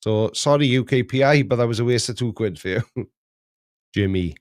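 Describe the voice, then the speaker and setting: A man's voice: medium pitch, normal speed, no room sound, clean studio sound. Jokey man hosting a chat. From Wales. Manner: jokey, laughs often, reads chat aloud. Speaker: livestream host. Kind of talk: casual live chat.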